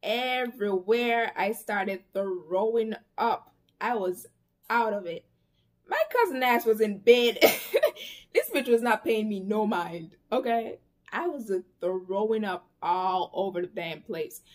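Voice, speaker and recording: A young woman tells a story to her vlog camera. She talks casually and with spirit, full of slang and cussing, and breaks into quick quoted lines. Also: mid-range voice, expressive. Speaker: vlogger.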